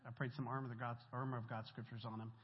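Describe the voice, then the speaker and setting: A man's voice: mid-range voice, flat delivery, very fast. A man telling a church congregation a story from his volunteer ministry in a casual, chatty way with slang. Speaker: church volunteer giving testimony. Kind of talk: testimony told to a church congregation. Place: church meeting room. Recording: echoey hall, dull lo-fi sound.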